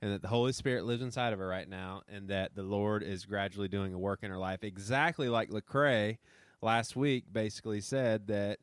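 A man's voice: lowish voice, steady tone, fairly quick, smooth, dry recording, studio quality. A man hosting a podcast, speaking in an earnest, heartfelt way. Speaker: podcast host. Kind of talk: casual podcast conversation.

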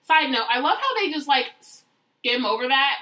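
Chatty sarcastic woman, slightly high and bright voice, laughs a lot. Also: expressive, normal speed, low-quality recording. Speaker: podcast co-host. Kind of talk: casual chat.

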